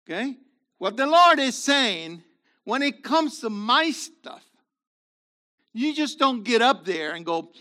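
An older man, a minister and teacher, giving a sermon-style teaching talk, swinging between loud, drawn-out emphasis and quiet, fast asides. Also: very high-pitched, big pitch swings.

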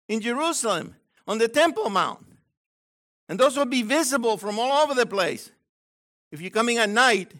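High lively voice, guy preaching a sermon, keeps asking okay?, goes quiet for quotes. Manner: conversational preaching, asks the crowd "okay?"; drops to a low aside voice for quotes. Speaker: messianic teacher.

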